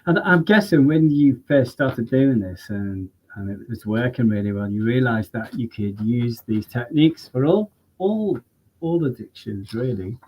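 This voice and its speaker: A man hosting an interview, relaxed and agreeable, with frequent short backchannels. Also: medium pitch, a little slow, poor audio. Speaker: podcast host. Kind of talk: casual interview chat.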